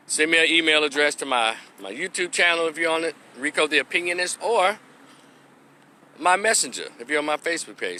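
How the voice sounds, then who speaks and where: Brash, bright-voiced man ranting outdoors. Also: on the high side, a little hiss or hum. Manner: blunt, profane and mocking, mimics people in exaggerated voices. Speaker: commentary vlogger. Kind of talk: opinion rant to camera.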